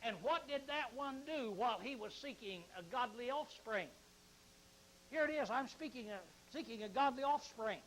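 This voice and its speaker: A man teaching through a Bible book verse by verse, chatting with many fillers and restarts, reading scripture slowly and with emphasis. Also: extremely high pitch, lively intonation, a bit bright, slight background noise, rough recording. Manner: conversational, frequent uh fillers and restarts.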